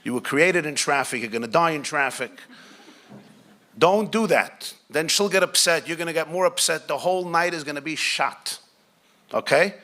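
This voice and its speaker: A rabbi gives a Torah class in a bright, forceful voice pitched a little high for a man. He talks to his listeners conversationally, throws questions at them and slips in joking asides. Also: moderate pace. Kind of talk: Torah class talk to a live group.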